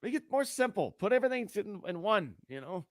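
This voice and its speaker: Lively high-voiced man in dry casual chat. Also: a little fast. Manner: loose, trailing phrases with playful asides. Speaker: podcast co-host.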